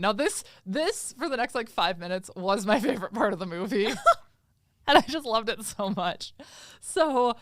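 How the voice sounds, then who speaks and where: Woman podcast co-host, casual recap. Smooth, clear tone, dry close-mic sound. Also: medium pitch, no echo. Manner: animated storytelling, acting out characters' lines. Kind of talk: casual chat, movie recap.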